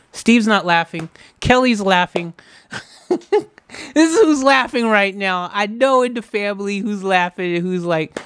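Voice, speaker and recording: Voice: medium pitch, lively intonation, a little slow, a bit bright, smooth, no room sound. Playful reaction host, dry sound. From United States. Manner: playful, teasing, joking to viewers. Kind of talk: casual reaction commentary.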